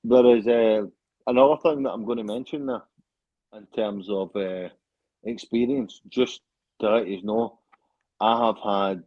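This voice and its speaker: A man's voice: on the low side, no echo, lo-fi sound. A Scottish man, a fighter being interviewed, talking in a boastful, joking way and swearing a lot. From Scotland. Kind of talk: casual interview chat.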